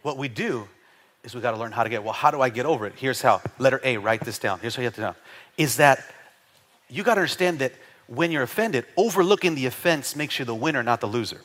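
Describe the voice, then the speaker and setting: A man's voice: mid-range voice, fast talker. A middle-aged male pastor preaching a sermon in church, joking with the congregation and calling for responses. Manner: animated, playful preaching with jokes and call-and-response. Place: church sanctuary.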